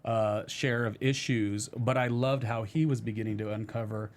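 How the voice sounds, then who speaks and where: A man's voice: lowish voice, fairly even intonation, moderate pace. A man hosting a TV review show in casual chat, rambling with many "you know" fillers. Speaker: after-show host.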